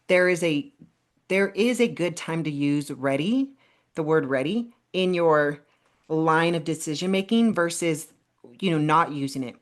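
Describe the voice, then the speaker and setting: A woman's voice: low-pitched, unhurried. A woman co-hosting a podcast, talking casually in an emphatic, motivational way. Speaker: podcast co-host. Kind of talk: casual chat.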